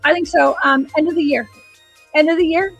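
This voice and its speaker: High, gravelly woman psychic host. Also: fairly even intonation, a little fast, soft background music. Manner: chatty, rambling, restarts sentences. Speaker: psychic and animal communicator host. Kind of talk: live-stream reading session.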